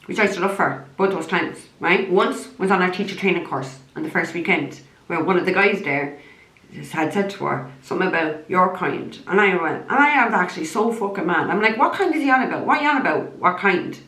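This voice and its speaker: An Irish woman who works as a psychic medium rants angrily and bluntly to camera, swearing heavily in a heated tone. Her voice is fairly low and a bit bright, at a moderate pace. The recording has a roomy echo.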